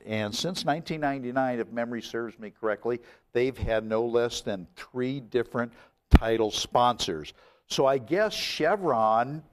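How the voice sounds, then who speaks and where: Lively, joking male talk-show host. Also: medium pitch. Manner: animated, jokey, laughs often. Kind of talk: casual chat.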